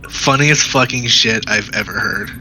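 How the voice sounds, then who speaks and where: A man's voice: mid-range voice, unhurried, bright, forceful tone, low-quality recording. A young man chatting casually with fellow tabletop players, rambling with fillers and laughing often. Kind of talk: casual chat among players.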